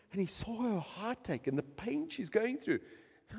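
A man preaching a sermon, swinging from hushed, quiet lines to loud, emphatic peaks. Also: high voice, sing-song, moderate pace, vocal fry, breathy edge. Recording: long hall reverb.

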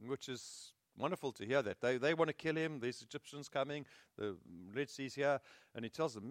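A man preaching a sermon, telling the story with animated energy and frequent chuckles. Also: medium pitch, moderate pace, no echo, clean studio sound.

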